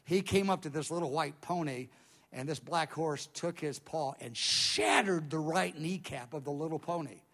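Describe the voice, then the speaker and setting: A man with a fairly high-set voice tells a dramatic spoken testimony from the pulpit. He is animated, his volume swells and sinks, and he often restarts his phrases. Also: normal speed, gravelly. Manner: animated storyteller, volume rising and dropping, many restarts.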